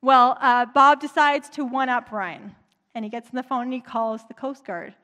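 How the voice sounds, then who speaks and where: Woman preacher, high-pitched, conversational storyteller; long reverb in a large hall. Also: moderate pace, bright, forceful tone. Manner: chatty, conversational retelling. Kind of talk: sermon storytelling.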